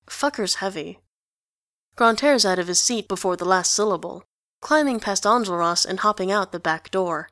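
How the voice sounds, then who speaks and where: A woman's voice: mid-range voice, a bit bright, no room sound. Lady reading a story, mid voice, super dry close mic. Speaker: reader. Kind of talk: audiobook narration of fan fiction.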